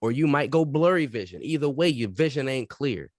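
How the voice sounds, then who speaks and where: This podcast co-host speaks in a brisk, mid-range voice, spinning animated stories that are emphatic and full of profanity in a laid-back conversation. It's a dry, clean studio recording.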